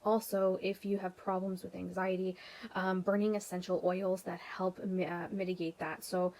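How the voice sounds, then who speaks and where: A young Canadian vlogger chats to camera at a moderate pace, her fairly low, slightly mellow voice delivered flatly. She rambles somewhat, with plenty of ums, you-knows and restarts, and the recording quality is low.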